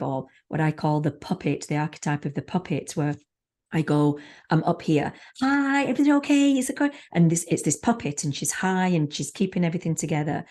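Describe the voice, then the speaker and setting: A woman's voice: sits low, mellow. A woman who is a spiritual mentor, a guest on a podcast, speaking frankly and swearing freely in casual conversation.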